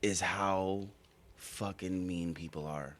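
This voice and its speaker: A man hosting a casual podcast, talking in rapid, profane, self-deprecating bursts. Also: deep voice, steady tone. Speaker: podcast host, bartender. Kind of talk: casual chat.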